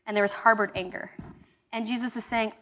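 A young woman leads a relaxed Bible study, talking the way she would to friends. Her voice sits a little high, and she breaks up her thoughts with fillers and restarts. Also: brisk. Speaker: small-group Bible study leader. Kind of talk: casual sermon teaching.

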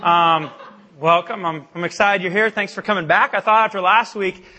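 Young male speaker for a campus ministry talk; high, bright voice, self-deprecating, animated, filler-heavy storytelling. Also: normal speed. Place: church meeting hall.

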